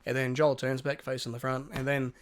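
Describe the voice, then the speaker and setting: A man's voice: mid-range voice, level tone, a little fast. A young man, co-hosting a podcast and telling a story in casual chat, often mimicking people in a broad voice. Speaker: podcast co-host.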